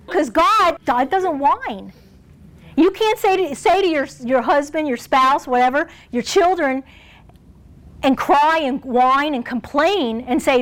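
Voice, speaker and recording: A woman giving an informal Bible teaching, chatty and animated, often laughing and restarting phrases. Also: sits high, normal speed. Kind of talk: informal sermon.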